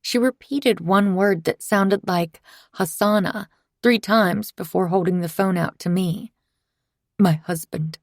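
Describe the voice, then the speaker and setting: A woman reading a first-person thriller in steady, scripted narration. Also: medium pitch, a little slow, no echo, clean studio sound. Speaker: audiobook narrator.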